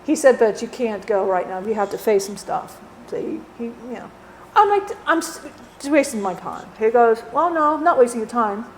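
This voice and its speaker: A woman's voice: a little high, expressive, normal speed, a little hiss or hum, close to an everyday voice. A woman channeling the spirit of a dead man, who rambles bluntly, swears and keeps saying "you know". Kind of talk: channeling session.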